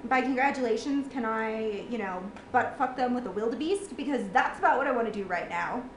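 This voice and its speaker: High-voiced woman ranting in an echoey room. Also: animated, fairly quick, slight background noise. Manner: exasperated, swears a lot, sarcastic. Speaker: gamer reacting to a game ending. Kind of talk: ranting reaction vlog.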